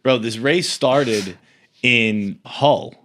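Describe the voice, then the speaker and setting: A man's voice: mid-range voice, drawn-out words, a bit bright. A young man from the South Coast of Massachusetts chatting casually as a podcast guest, rambling with stammered restarts. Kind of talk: casual chat.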